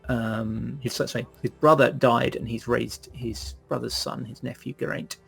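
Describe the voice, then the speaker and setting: A man narrating a tabletop game as game master in a relaxed, halting way. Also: medium pitch, gravelly, slightly rough, faint music behind.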